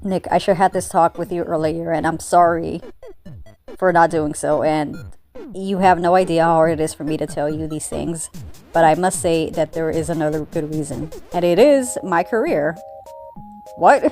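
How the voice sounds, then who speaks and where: An earnest young bunny cop pleads and explains herself with feeling, read out by a woman in her own lowish voice. Faint music sits behind her. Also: normal speed, a little mellow. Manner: pleading, emotional. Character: earnest young female bunny police officer.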